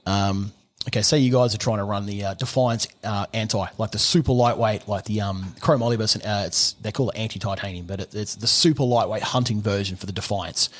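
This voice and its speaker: Australian man explaining, rambling and animated. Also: lowish voice, a little fast, few pauses. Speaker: gunsmith guest. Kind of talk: casual podcast chat.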